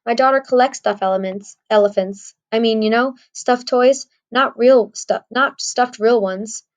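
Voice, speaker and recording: A woman's voice: on the high side, measured pace, lightly acted. A woman voicing a friendly, rambling female police officer in an audiobook, chatty and good-humored. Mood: amused. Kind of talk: audiobook character voice.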